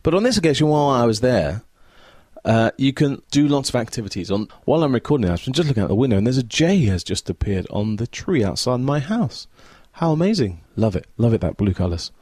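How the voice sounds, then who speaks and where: A man's voice: medium pitch, very animated, a little fast, darkish tone, no echo. A man hosting a casual solo podcast from his home, chatting in a rambling, easily distracted way as a Scout leader. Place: at home by a window.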